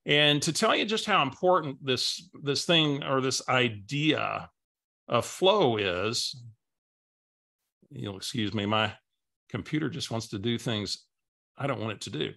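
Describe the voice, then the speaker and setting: Guy coaching on a webinar, bright voice, tells a story, repeats words a lot. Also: mid-range voice, unhurried, gravelly. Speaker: business coach.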